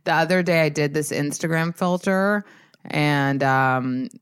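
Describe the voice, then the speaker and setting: Low-voiced woman hosting a chatty podcast. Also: a little slow, smooth, no room sound, clean studio sound. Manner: chatty and swears freely, heavy use of "like". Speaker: podcast host. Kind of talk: casual chat.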